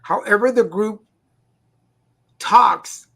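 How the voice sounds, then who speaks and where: A middle-aged man co-hosting a casual talk stream, chatty and halting with fillers and restarts. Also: high-pitched, creaky, sharp tone. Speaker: co-host. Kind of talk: casual chat. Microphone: home streaming setup.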